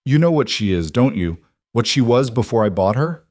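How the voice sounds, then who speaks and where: A man's voice: mid-range voice, very animated, moderate pace, darkish tone, no echo, close to an everyday voice. A man voicing a cruel frontier man who talks in a sneering, contemptuous way.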